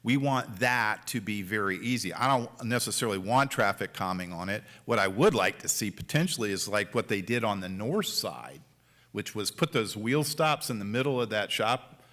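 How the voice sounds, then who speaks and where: Chairing a city planning board meeting in the council chamber, a man talks casually, his lowish voice expressive, a bit bright and moderately paced. In this chatty public discussion, he acts out what drivers might say.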